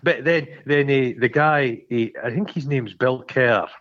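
Man, film podcast co-host, mid-pitched voice, muffled lo-fi recording. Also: measured pace. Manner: rambling, sweary, animated retelling. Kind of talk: casual chat.

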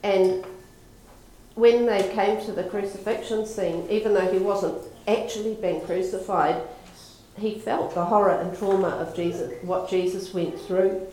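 A woman's voice: mid-range voice, fairly even intonation, a little slow, warm tone, slight background noise. Woman preaching in a very echoey room. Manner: storytelling, conversational. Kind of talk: sermon.

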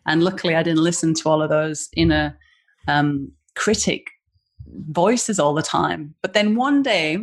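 A woman speaking over a video call, with a slightly low voice. She talks in a chatty, storytelling way, with plenty of fillers, and acts out the lines of people in her story. She sounds like a founder being interviewed as a guest. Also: measured pace. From Western Australia. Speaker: guest, small business founder.

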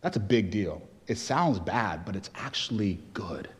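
A man's voice: fairly low pitch, lively intonation, a little slow. A man from Nigeria preaching a sermon as pastor, conversational at times and rising into emphatic exhortation. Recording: long reverb of a large hall.

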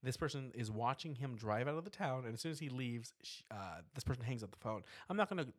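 A man's voice: mid-range voice, fast talker, slightly rough, no echo, studio quality. A man in casual chat, retelling a horror film's plot with fillers and laughs. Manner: animated storytelling with frequent laughs and fillers. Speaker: podcast co-host recapping a horror film.

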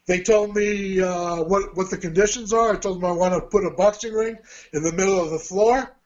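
A man's voice: high-pitched, normal speed, a little mellow, lo-fi sound. A man, a martial arts teacher and fight promoter, telling his story in an interview in a chatty way with restarts. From Australia. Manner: chatty, with restarts and quoted dialogue.

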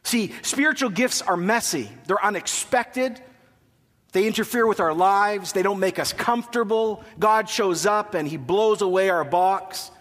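A man's voice: high-pitched, a little slow, fairly bright tone, in a large hall. A man in his thirties preaching a sermon in a church, telling a funny story with asides before turning to scripture. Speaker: pastor. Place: church sanctuary.

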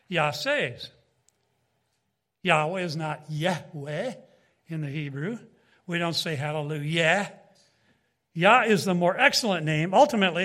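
A man with a notably high-pitched voice delivers a Bible teaching in sermon style. His delivery is emphatic, rising and falling. He turns often to his listeners with quick asides. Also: bright, forceful tone. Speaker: preacher.

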